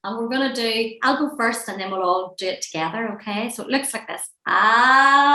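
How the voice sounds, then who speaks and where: A woman leading a laughter and breathing class, gentle, playful and encouraging, speaking from a room on a video call. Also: fairly high pitch. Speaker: laughter and relaxation session leader. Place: indoor room at home, seated near a screen. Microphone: webcam or laptop mic on a video call. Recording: roomy echoey room sound.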